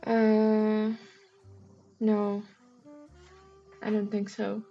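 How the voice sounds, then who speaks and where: A woman's voice: mid-range voice, monotone, drawn-out words. A woman livestreaming a crossword solve, reading clues aloud and musing over answers with many hesitant ums. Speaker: streamer solving a crossword. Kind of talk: thinking aloud while solving. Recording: dull lo-fi recording. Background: faint background music.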